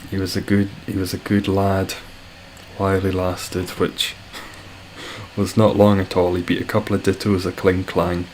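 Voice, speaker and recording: A deep, low-pitched Scottish man talking easily on a live stream, answering his chat in a laid-back way and swearing now and then. A faint hum of ambient noise sits behind him. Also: monotone, normal speed, darkish tone. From Scotland. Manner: laid-back, swears casually, reads chat aloud and chuckles.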